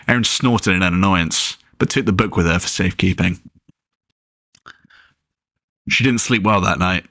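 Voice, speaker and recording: A man narrating a chapter of his own novel as an audiobook, relaxed and with occasional slips. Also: sits low, brisk, hardly any pauses, no echo, studio quality.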